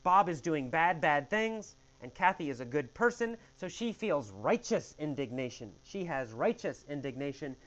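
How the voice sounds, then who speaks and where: A man's voice: a little high, big pitch swings, moderate pace, hardly any pauses, a bit bright, lo-fi sound. A man teaching English with a question-and-answer story, speaking in an emphatic, exaggerated way.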